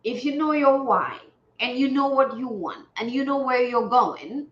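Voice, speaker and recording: A woman's voice: high voice, expressive, a little slow. A woman from Gambia hosting a spiritual livestream, talking in an earnest, preachy way and repeating phrases for emphasis. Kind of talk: casual livestream talk. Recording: roomy, dull lo-fi sound.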